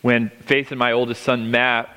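Middle-aged male pastor, emphatic sermon delivery, bright tone, long hall reverb. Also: medium pitch, flat delivery, clear, resonant tone. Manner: emphatic, drawn-out words with frequent restarts.

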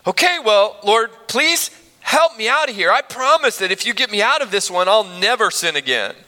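A pastor acting out a terrified man dangling from a cliff branch, his voice pushed high and darting all over as he begs and bargains in a frantic rush. The sound rings out with the long reverb of a big hall. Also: lively intonation, normal speed, pushed and bright. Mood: desperate. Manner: frantic, pleading.

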